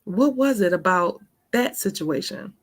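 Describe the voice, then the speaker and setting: A woman's voice: mid-range voice, expressive, unhurried, husky. A woman in her forties hosting a faith talk show, giving a candid personal testimony in an earnest, conversational way. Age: 40s. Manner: earnest and conversational, often asks "right?". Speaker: faith podcast host.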